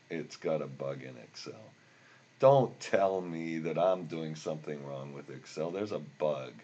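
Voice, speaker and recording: An older man teaching a software tutorial while recording his screen, rambling and grumbling about bugs as he works. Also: extremely low pitch, dull audio. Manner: rambling, easily frustrated, grumbling asides. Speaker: instructor.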